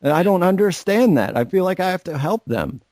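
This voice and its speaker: A man's voice: sits high, lively intonation, a little fast, a little mellow, no echo. A young man co-hosting a casual podcast, rambling and swearing, mocking people in put-on voices. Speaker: podcast co-host. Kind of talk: casual profane chat.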